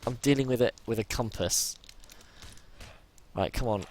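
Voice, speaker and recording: A man's voice: fairly low pitch, brisk, long pauses, slight background noise. A man talking to himself while playing a survival game, swinging from anxious whispered muttering to sudden panicked yelps, often repeating himself. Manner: repeats himself under stress. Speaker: gamer. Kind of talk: live gameplay commentary.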